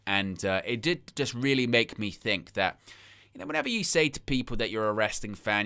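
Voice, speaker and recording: Bright, crisp-voiced man, passionate live host. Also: lowish voice. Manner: passionate and emphatic, repeats phrases for effect; reads out and answers viewer chat comments. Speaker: host of a live wrestling watch-along stream. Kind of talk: casual live-stream chat.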